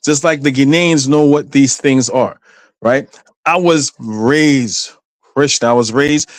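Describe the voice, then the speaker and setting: A man from Guyana, talking on a casual panel discussion in an animated storytelling way, with frequent restarts. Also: mid-range voice, dry recording.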